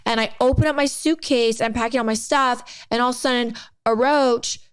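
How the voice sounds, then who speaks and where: A woman's voice: a little high, brisk, clear, resonant tone, no room sound. A young woman cohosting a casual podcast, telling a story and acting out the quotes. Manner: animated storyteller who acts out quotes. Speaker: podcast co-host.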